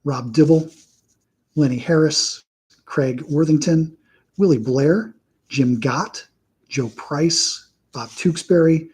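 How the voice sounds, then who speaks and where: A man hosting a casual live stream, reeling off a steady list of names and dropping dry, wry asides along the way. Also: a little high, slow, long pauses, breathy edge, low-quality recording. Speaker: host.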